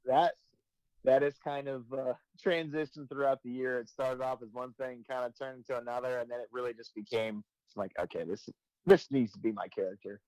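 A man in his twenties, a firefighter and comedy video creator, chatting casually and breaking into loud quoted voices as he tells stories. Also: medium pitch, fairly quick, no room sound, low-quality recording. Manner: animated storytelling, jumps into loud quoted voices. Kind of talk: casual podcast chat.

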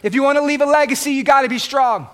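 A middle-aged pastor preaches in a very high voice, driving his points home through repetition. He builds to shouted peaks and leans hard on every phrase. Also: quick pace. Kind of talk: sermon.

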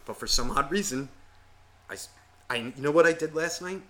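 A man's voice: fairly high pitch, a little fast, pauses often. A man co-hosting a podcast, telling rambling stories in casual chat and swearing constantly. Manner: animated, heavy swearing, rambling storytelling. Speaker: podcast co-host.

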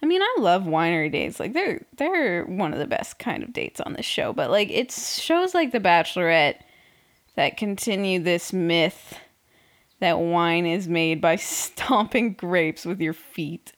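Sarcastic young woman, slow and drawling. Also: lowish voice, very animated. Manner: sarcastic, swearing, laughing often. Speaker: podcast host recapping a reality show. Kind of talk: casual chat.

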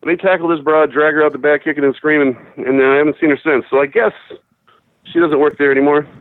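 A man's voice: fairly high pitch, steady tone, quick pace, no room sound. A man calling in to a talk show, telling rambling, profane stories in casual chat. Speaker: phone-in caller. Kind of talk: casual storytelling. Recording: tinny phone line.

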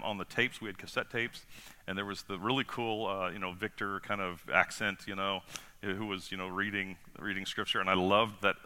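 A male pastor preaches in an easy, conversational style. His voice sits fairly low but has a hard, bright, forceful edge. He keeps turning to the congregation with rhetorical questions. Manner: casual and animated, asks the congregation rhetorical questions, acts out quotes. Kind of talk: conversational sermon.

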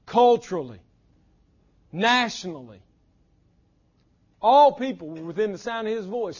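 Male pastor, sermon, husky tone, loud-to-hushed swings, dull lo-fi recording. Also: sits high.

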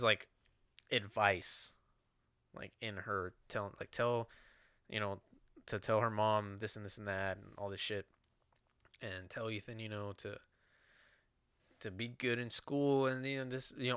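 A man's voice: on the low side, steady tone, moderate pace, pauses often, pushed and bright, clear, resonant tone, no echo, clean studio sound. A man telling a personal story in a rambling, casual way, with lots of swearing and fillers.

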